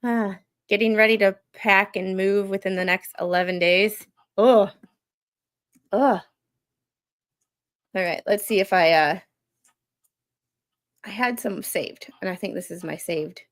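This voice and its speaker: A woman hosting a casual late-night live stream at home, chatting with her viewers and reacting to stories, laid-back and quick to laugh. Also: medium pitch. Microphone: streaming microphone.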